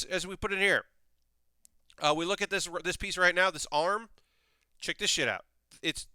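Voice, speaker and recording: A young man chats through a model-kit build on his live stream, rambling from one aside to the next with animated bursts. His voice sits a little high for a man, forceful and bright, crisp and smooth. The close desk mic sounds dry, with no room around it. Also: no room sound. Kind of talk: casual live-stream chat.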